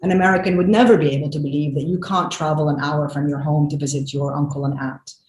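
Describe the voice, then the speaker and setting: A woman in her forties, a filmmaker guest, talks in an animated, emphatic way, with many fillers and restarts. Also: low voice, fast talker. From Lebanon. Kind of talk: conversational interview. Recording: echoey room with faint noise.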